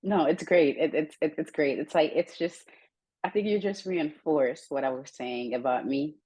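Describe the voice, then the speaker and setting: A young woman with a Haitian accent hosts the interview in a low, husky voice. She tells her stories with lively energy and laughs often between her lines. The sound is dry and close. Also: normal speed, no echo, poor audio. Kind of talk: conversational interview.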